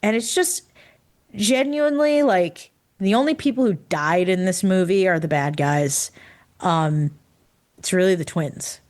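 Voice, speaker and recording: Woman chatting excitedly, tired, low-ish voice. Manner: excited, laughs often, puts on quick character voices. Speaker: podcast co-host. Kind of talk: casual chat.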